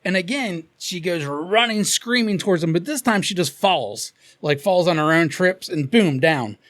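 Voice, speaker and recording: Podcast co-host, man, Cincinnati accent, lively profane storyteller, slightly high voice. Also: normal speed. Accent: Cincinnati, Ohio. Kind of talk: casual storytelling chat.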